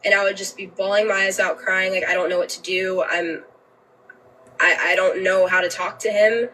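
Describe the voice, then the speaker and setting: A woman's voice: medium pitch, little pitch movement, normal speed, sharp tone, distant mic, a little hiss or hum, rough recording. A woman telling a personal story on a livestream, emotional and candid, swearing freely and often restarting her sentences.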